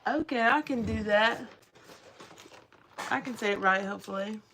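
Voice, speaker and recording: A woman's voice: mid-range voice, normal speed, background noise. A young woman with a Southern accent, chatting casually on a livestream in a rambling, playful drawl. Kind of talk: casual chat with live chat.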